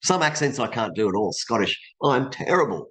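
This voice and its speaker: A man's voice: mid-range voice, sing-song, brisk, fairly bright tone. An Australian man, a voice actor being interviewed, talking in a loose, rambling way and laughing easily. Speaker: voice actor guest. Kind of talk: casual interview chat.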